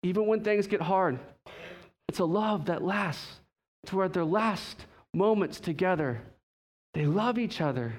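Animated high-voiced preacher man. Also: measured pace. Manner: animated storyteller, acts out dialogue, laughs at himself. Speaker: pastor. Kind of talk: sermon with personal story.

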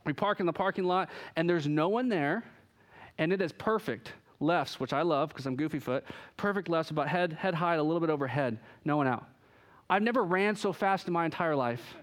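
A man with a high, light voice delivers a sermon in an animated storytelling way. He swings between hushed, drawn-out phrases and quick, excited bursts as he acts out the voices in his story. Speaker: pastor.

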